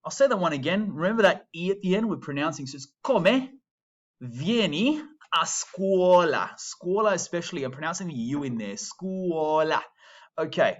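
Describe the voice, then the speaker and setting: A man teaching Italian pronunciation to a school class, modeling phrases slowly and deliberately, with dry classroom humor. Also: fairly high pitch, expressive, lo-fi sound. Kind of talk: recorded pronunciation lesson.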